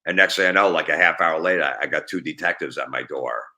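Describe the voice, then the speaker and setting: Fast-talking deep-voiced man telling stories. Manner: fast, animated storytelling, acting out both sides of phone calls. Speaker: comedian and prank caller. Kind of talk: casual storytelling on a podcast.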